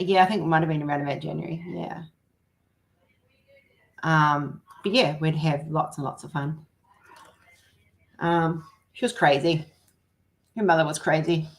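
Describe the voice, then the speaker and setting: A New Zealand woman with a New Zealand accent hosts a livestream, chatting casually, rambling and laughing often. Her voice sits low and is creaky.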